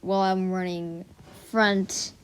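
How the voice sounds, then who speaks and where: A woman's voice: fairly low pitch, little pitch movement, takes it slowly, smooth. A teenage girl rambling casually to her viewers in a silly, chatty vlog, full of "like" and tangents. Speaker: vlogger.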